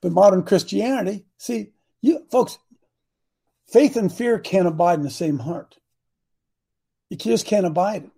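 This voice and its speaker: A man's voice: high voice, measured pace, gravelly, long pauses, warm tone, slightly rough. Folksy, emphatic male preacher. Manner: folksy, emphatic, retells Bible stories with slang. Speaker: preacher and coach. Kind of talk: sermon.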